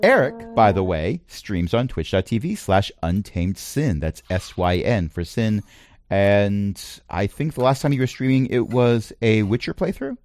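A man's voice: fairly low pitch, expressive, measured pace, a little mellow, dry recording. A man hosting a casual podcast chat, who also teaches middle school. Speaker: podcast host.

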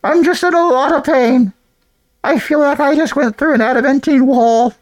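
A man voicing a big creature, in pain but cheerful, speaking in a strained, muffled high voice from inside a wall. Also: normal speed, dry recording.

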